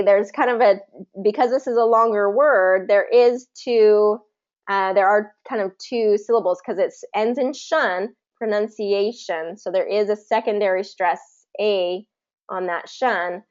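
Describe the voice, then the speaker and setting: A woman's voice: medium pitch, highs cut off. Patient woman teaching pronunciation. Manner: explains patiently, drawing out example words slowly. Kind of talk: live teaching session answering a student.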